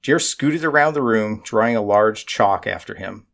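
Guy reading an audiobook, lowish voice, dry and measured. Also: vocal fry, fairly bright tone. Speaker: audiobook narrator. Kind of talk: scripted audiobook narration.

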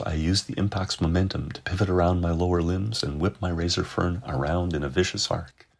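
A man narrating a science fiction story in measured, dramatic storytelling. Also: low-pitched, gravelly, slightly rough. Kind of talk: scripted narration.

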